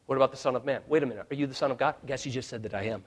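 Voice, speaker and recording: A male pastor preaching a sermon, swinging from hushed, quiet lines to loud shouted ones. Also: mid-range voice, rapid-fire.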